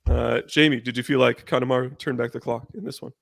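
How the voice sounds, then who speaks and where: A man's voice: medium pitch, fairly even intonation, fast, vocal fry, no echo. A man hosting a casual podcast, chatting loosely with fillers and restarts. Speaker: podcast host. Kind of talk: casual chat.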